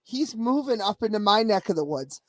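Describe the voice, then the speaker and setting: A man's voice: sits high, animated, moderate pace, a crowd in the background. A man, co-hosting a casual online show, rambling and swearing with frequent restarts. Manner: rambling, profane, restarts often. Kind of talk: casual profane banter.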